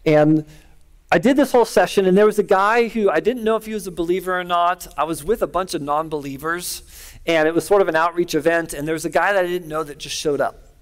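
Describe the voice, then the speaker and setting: A man's voice: high-pitched, quick pace. A middle-aged man preaching a sermon, telling a personal story in an earnest, conversational way. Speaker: pastor.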